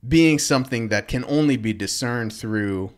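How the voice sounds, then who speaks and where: A man's voice: mid-range voice, normal speed, smooth. A man talking philosophy as a podcast guest, rambling and searching for words with lots of fillers. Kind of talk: casual philosophical discussion.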